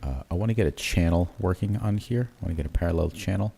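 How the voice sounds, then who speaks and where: The voice sits low, husky and fried, and moves at a quick pace. Hosting a crypto trading livestream, he reasons aloud while drawing on charts, relaxed and prone to correcting himself, with many fillers and "right?" tags.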